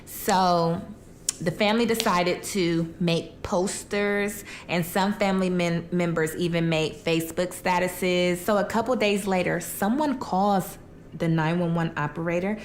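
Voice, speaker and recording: A woman's voice: on the low side, steady tone, unhurried, a little hiss or hum. A young woman casually telling a true crime story while eating, chatty and colloquial, acting out the quotes.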